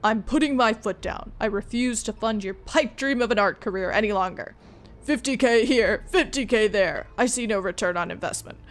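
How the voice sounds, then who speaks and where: A woman's voice: medium pitch, brisk, hardly any pauses, natural voice. A woman doing a stern rich father scolding his son. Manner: blunt, scolding, loud.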